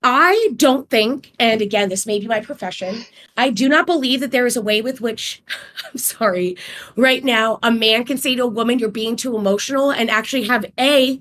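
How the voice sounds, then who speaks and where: Woman, panel guest, fairly high voice, articulate and measured, counts off her points. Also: a bit bright. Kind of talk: panel debate discussion.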